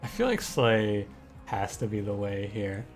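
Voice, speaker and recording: Soft music plays under a young male streamer's fairly deep, measured voice as he chats about the card game he's playing. He reasons aloud, starts over again and again, and gets worked up and exasperated.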